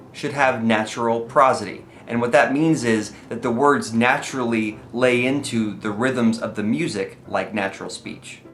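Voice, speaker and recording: A man's voice: mid-range voice, a bit bright, slight background noise. Man explaining songwriting in an echoey room. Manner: friendly, explanatory, with occasional "uh" and "um". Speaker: comedy songwriter teaching lyric writing. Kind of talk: casual explanatory video lesson. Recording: echoey room, faint music.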